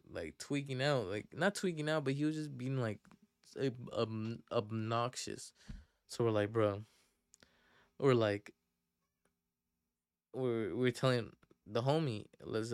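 Young guy rambling thru a story, lots of likes and restarts, smooth voice, dry close mic. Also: mid-range voice, no room sound. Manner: rambling, slangy, many fillers and restarts. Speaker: podcast host. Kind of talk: casual storytelling.

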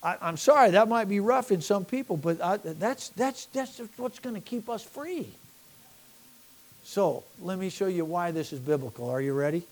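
A man's voice: sits high, animated, moderate pace. A middle-aged American man preaching a sermon with rising fervor, addressing his congregation directly. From United States. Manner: impassioned, rising to near-shouting, talking directly to a congregation. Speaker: pastor.

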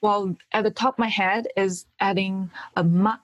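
Young woman from China, native Mandarin speaker, mid-pitched, dry close recording, patient explainer. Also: fairly even intonation, normal speed, dry recording, muffled recording. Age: young adult. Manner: explains carefully with examples. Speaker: guest, graduate student. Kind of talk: casual interview.

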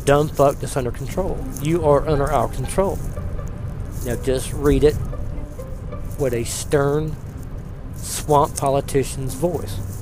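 Man putting on a low quiet bossy handler, scolding, faint music behind. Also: slow pace, long pauses, natural voice. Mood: stern, scolding. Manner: low, hushed, scolding asides. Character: stern controlling male handler, quiet and bossy.

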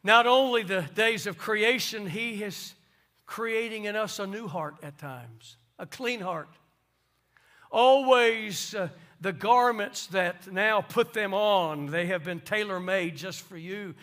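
A male pastor, preaching a sermon and swinging from soft asides to loud emphasis. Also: sits high, takes it slowly.

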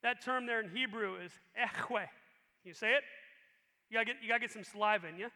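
A male pastor preaching a sermon with animated emphasis. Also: sits high, quick pace. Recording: long reverb in a large hall.

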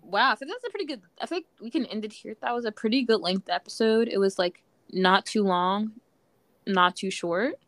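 A young woman co-hosting a podcast in casual chat, talking fast with lots of "like" fillers. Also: medium pitch, a bit bright, dry recording. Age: young adult. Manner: chatty, many "like" fillers. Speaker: podcast co-host.

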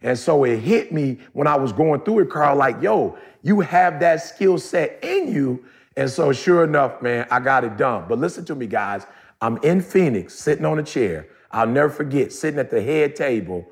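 A man co-hosting a podcast, telling a story in a casual, animated way, talking straight to his listeners in colloquial speech. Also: medium pitch. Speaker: podcast co-host.

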